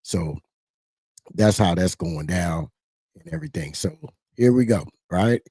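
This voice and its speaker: Middle-aged guy rambling on his livestream, low dark husky voice, dry sound. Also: very animated, measured pace, no room sound. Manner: rambling, repeats himself. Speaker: livestream host. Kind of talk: casual livestream commentary.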